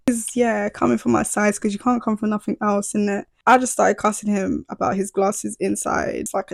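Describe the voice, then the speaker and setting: A young woman tells a storytime vlog with a gravelly edge in her voice. She acts out both sides of the exchange as she goes, and the sound is close and dry. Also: medium pitch, moderate pace, hardly any pauses, no echo. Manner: animated retelling, acts out both sides of the dialogue. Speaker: YouTuber.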